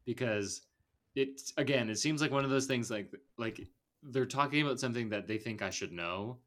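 A man's voice: medium pitch, moderate pace, a bit bright. A man co-hosting a podcast, talking casually about a film in a meandering way, full of fillers and restarts. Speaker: podcast co-host.

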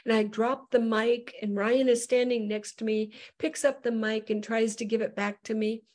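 Woman middle-aged evangelist, higher voice, animated testimony storyteller. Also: moderate pace. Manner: animated, acts out quoted voices. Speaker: evangelist guest.

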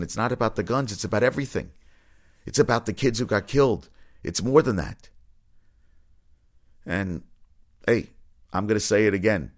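Low-voiced man ranting bluntly. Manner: blunt, swears freely, rambling with restarts. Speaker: commentary host. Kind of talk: casual opinion rant.

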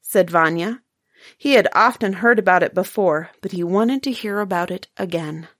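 A woman reading a bedtime story aloud in a soft, affectionate manner. Her voice sits a little low. The recording is dry and close. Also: moderate pace, no echo.

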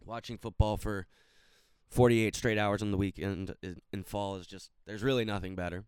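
A young man hosting a solo sports podcast, ranting and swearing, at times rising to near-shouts, then settling into calmer recap talk. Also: on the low side, normal speed, smooth, no echo. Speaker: podcast host.

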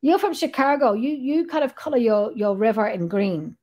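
High-voiced blunt Irish woman. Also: lively intonation, normal speed, mellow. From Ireland. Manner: blunt, jokey, swears casually. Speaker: podcast host. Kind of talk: casual chat.

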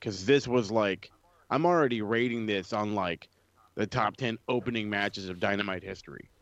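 A man's voice: fairly low pitch, moderate pace, a bit bright, no echo. A man co-hosting a casual wrestling podcast, blunt and swearing freely. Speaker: podcast co-host. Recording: dry, dull lo-fi sound.

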